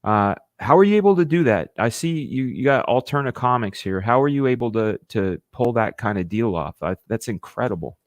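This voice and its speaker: A man hosting a casual livestream, talking with eager enthusiasm and halting restarts, sometimes with his mouth full. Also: medium pitch, animated, no room sound. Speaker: livestream host.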